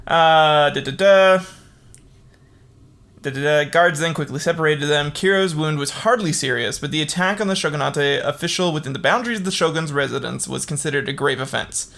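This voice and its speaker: A man's voice: on the high side, a little fast, creaky, fairly bright tone. A man hosting a casual history podcast, reading the account with filler words and breaking off into profane, laughing asides. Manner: irreverent, profane, laughs at own jokes. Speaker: podcast host.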